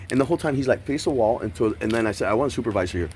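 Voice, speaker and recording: A man rattles off his account at high speed, swearing hard and putting on other people's voices as he goes. His voice is mid-pitched and heated. He is caught on a body camera outdoors, with a faint hum behind him. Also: animated, quick pace, hardly any pauses. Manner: agitated, profane, mimics voices while retelling. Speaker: man detained by police. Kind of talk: heated recounting of an arrest. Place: outdoors by a street.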